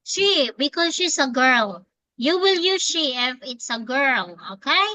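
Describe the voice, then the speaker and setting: A woman's voice: high voice, animated, unhurried, pushed and bright, no echo, low-quality recording. A woman teaching English to a young child one-on-one, patiently coaxing and repeating her prompts.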